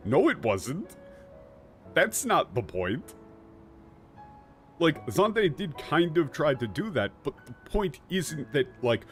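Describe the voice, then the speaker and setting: A man's voice: on the high side, big pitch swings, slow pace, long pauses, faint music behind. A man giving casual, sarcastic commentary on a game's story, swearing and laughing often. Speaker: streamer.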